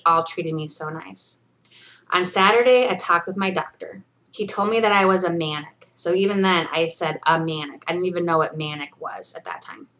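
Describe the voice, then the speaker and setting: Her voice is lowish and a bit bright as this vlogger in her thirties reads from her journal for a personal video diary and talks straight to viewers. She is earnest and encouraging, uses plenty of fillers, and is briefly close to tears.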